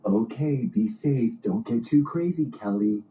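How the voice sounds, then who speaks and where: A man doing a deadpan, wounded husband. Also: medium pitch, a little slow, lightly acted. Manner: flat, deadpan. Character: calm, wounded husband on a video call. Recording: dull, roomy clip.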